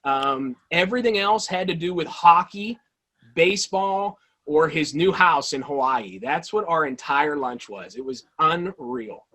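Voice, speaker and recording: A man being interviewed as a guest, telling animated, enthusiastic stories in a casual way. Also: a little high, unhurried. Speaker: guest, toy-hunting video creator.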